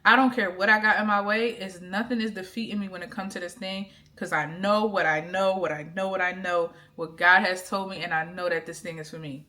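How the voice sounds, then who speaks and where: A woman, giving an excited, emphatic faith testimony to her camera from her bedroom, often repeating herself. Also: fairly low pitch, brisk, few pauses. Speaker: faith vlogger. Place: bedroom with pillows behind her.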